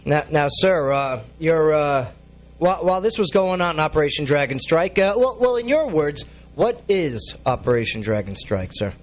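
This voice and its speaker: A man's voice: a little high, sing-song, moderate pace. A man hosting a radio interview, deferential and calling his guest sir, often stumbling over restarts. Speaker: radio show host.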